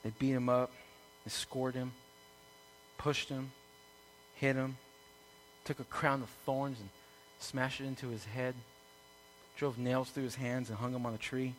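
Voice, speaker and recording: A man preaching a sermon to a congregation, building from calm teaching to loud, impassioned peaks. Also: medium pitch, a little slow, long pauses, a little hiss or hum. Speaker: pastor. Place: room with an audience.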